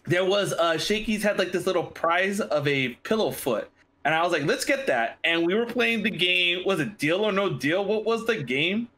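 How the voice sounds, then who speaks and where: A man with a high, bright voice chats on a casual podcast. He tells funny stories and acts out the voices of the people in them. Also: moderate pace. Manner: animated, acts out quoted voices while telling stories. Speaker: podcast co-host. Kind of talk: casual chat, storytelling.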